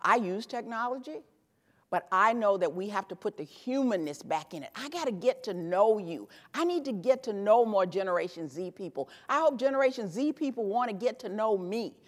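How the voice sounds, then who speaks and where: A woman in her fifties from Tennessee giving an animated, emphatic motivational keynote speech from a conference stage, hammering home punchy repeated phrases. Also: medium pitch, normal speed. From Tennessee, USA. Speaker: keynote speaker. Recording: echoey hall with long reverb.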